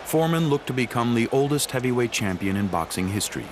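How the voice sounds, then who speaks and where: A man giving measured, scripted narration for a sports documentary. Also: mid-range voice, noisy background. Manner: measured, even storytelling delivery. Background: music bed.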